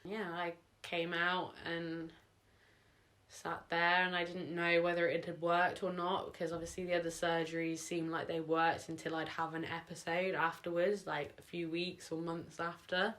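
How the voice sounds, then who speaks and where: A woman's voice: fairly low pitch, level tone, moderate pace, a bit bright. A young woman vlogging at home, telling a personal story in a rambling, emotional way, full of "like" and "sort of". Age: young adult. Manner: emotional, sometimes tearing up.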